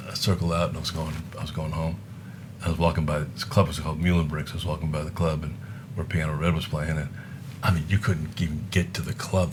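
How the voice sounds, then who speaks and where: A rumbling low voice comes through some background noise. The speaker, an older guest musician from Buffalo, New York, chats casually and rambles through anecdotes, imitating the people he talks about.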